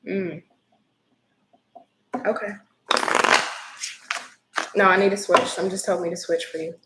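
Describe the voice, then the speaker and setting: Earnest low-voiced woman reading tarot live. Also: steady tone, slow, reverberant, heavy background noise. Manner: earnest, emotional, apologetic asides. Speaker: tarot reader.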